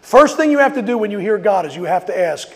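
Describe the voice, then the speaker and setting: A man with a high voice preaches a sermon outdoors, telling stories and dramatizing what people said. His voice rings with a long reverb tail. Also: lively intonation, fast. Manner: storytelling, rising to emphatic when acting out quotes. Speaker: pastor. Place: outdoors on a street.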